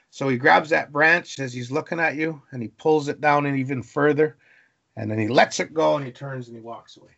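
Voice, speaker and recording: A man from Canada, a guest on a podcast, telling stories about the wilderness in an animated way, piling up long lists of things. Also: a little high, a little fast, vocal fry, highs cut off. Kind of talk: storytelling interview.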